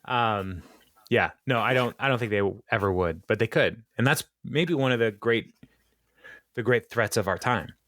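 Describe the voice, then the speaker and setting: A man's voice: medium pitch, normal speed, a bit bright, no room sound. A man co-hosting a podcast, casually recapping a sitcom episode with playful jokey asides. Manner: playful, jokey asides, dips into mock voices. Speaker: podcast co-host.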